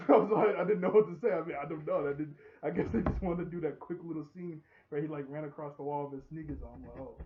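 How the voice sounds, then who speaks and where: A man giving casual, excitable commentary on a movie trailer, laughing often and repeating himself. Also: fairly high pitch, fast, few pauses, dull audio.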